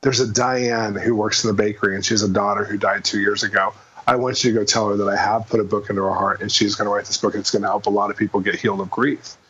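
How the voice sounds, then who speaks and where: Fast-talking husky man telling a story. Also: on the low side, lo-fi sound. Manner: fast, animated storytelling with acted quotes. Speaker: guest minister. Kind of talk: casual testimony storytelling.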